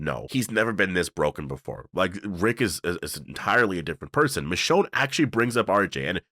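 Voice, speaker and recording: A man with a very low voice talks through a TV episode review. He rambles and leans on fillers, excitable but loose. The sound is dry and close. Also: no echo. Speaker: show reviewer. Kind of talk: casual video breakdown.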